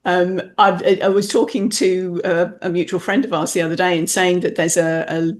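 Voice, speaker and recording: Her voice is lowish and her speed normal: a woman from the UK, a message clarity specialist, hosting a podcast interview. The chat is casual, and she tells her stories with playful animation.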